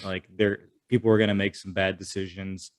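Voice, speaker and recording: A man's voice: sits low, flat delivery, fairly quick, dry recording. A man co-hosting a podcast, talking emphatically and repeating words to make his point. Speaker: podcast co-host, former Army Ranger. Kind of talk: casual conversation.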